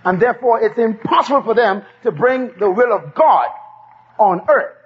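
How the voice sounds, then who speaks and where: This male preacher's voice sits high, with lively intonation and a moderate pace, and there's a little hiss or hum. He emphatically repeats key phrases for the congregation to echo, on a dull lo-fi sermon tape.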